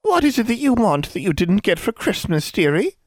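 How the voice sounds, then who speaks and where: A man voicing a croaking, wheedling old hag woman who coaxes sweetly. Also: high voice, very animated, brisk, no echo, studio quality, voice pushed up, full character voice. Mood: coaxing. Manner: sweetly coaxing.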